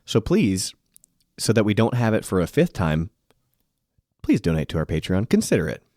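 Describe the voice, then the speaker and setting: Podcast co-host, man, deep voice, tipsy and rambling, swears casually, dry recording. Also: big pitch swings, normal speed, a little mellow, no echo. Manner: rambling, self-deprecating, swears freely. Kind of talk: casual chat over drinks.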